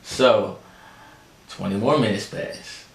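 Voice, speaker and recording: A man hosting a podcast, telling a story in a chatty, animated way and talking straight to his listeners. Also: fairly low pitch, takes it slowly, vocal fry. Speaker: podcast host. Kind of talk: casual storytelling chat. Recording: echoey room, faint background noise.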